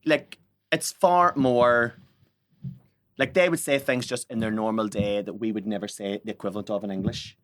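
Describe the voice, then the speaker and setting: A man co-hosting a comedy podcast, playful and animated in casual chat. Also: on the low side, normal speed. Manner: playful, animated, breaks into silly shouted voices. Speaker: podcast co-host.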